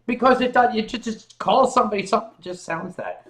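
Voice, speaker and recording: Joking high-voiced man hosting a sofa chat. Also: a little fast. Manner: joking, reads chat comments aloud, bursts into loud mock shouting. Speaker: host. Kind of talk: casual comedic chat. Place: home living room, on a sofa.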